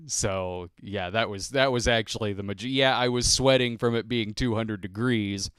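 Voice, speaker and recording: A man's voice: on the low side, a bit bright, clear, resonant tone, no room sound, studio quality. A man hosting a casual solo podcast, rambling and self-deprecating, chuckling often as he acts out little scenes. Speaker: podcast host.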